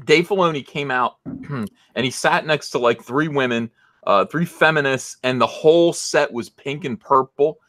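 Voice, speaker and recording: A man's voice: medium pitch, moderate pace, no room sound, clean studio sound. A man co-hosting a casual livestream chat, talking in a blunt, mocking way and telling stories with energy. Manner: blunt, mocking, animated storytelling. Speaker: co-host.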